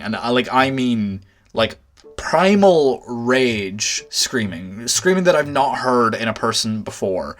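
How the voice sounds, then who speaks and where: A young man telling a storytime anecdote, exasperated and swearing, with animated outbursts. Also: medium pitch. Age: young adult. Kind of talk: storytime vlog.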